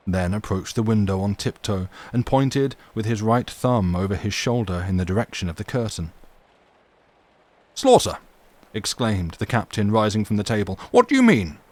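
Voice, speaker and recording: Low-voiced man reading stories aloud on stream. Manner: measured, dramatic narration. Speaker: livestream reader. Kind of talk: reading classic stories aloud and chatting with viewers.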